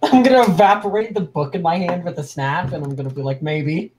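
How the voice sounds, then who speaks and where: A woman's voice: fairly low pitch, animated, quick pace, a little mellow, slight background noise. A woman playing a tabletop game, casual and playful. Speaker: player. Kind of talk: casual tabletop role-play.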